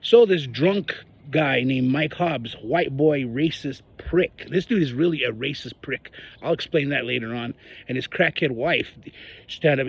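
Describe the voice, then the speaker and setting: A man's voice: medium pitch, a little slow, slightly rough. Heated ranting man from northern New Mexico. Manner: heated, ranting, mocking voices of others. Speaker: local political commentator. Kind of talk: angry personal monologue.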